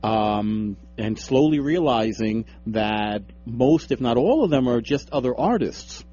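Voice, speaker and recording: A man's voice: mid-range voice, expressive, a little slow, warm tone. A young man co-hosting a radio show, bantering casually and teasing his co-host with frequent laughter. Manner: joking, teasing, laughs often. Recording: dull lo-fi radio stream.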